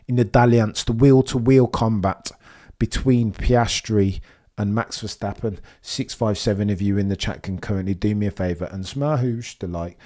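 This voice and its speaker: A young man hosting a live race watch-along stream, chatting with viewers and reacting excitedly as the race unfolds. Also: lowish voice, moderate pace. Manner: excitable, chatty, reads chat messages, swings from muttering to excited shouting.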